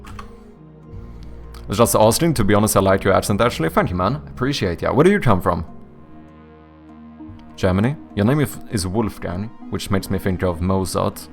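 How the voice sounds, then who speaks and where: A man's voice: fairly low pitch, expressive, normal speed, gravelly, pauses often, faint music behind. A man from Sweden with a Swedish accent and British-leaning English, streaming live and chatting casually with his viewers, rambling and joking as he corrects himself. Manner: rambling, self-correcting, jokey. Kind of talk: casual live-stream chat reading chat aloud.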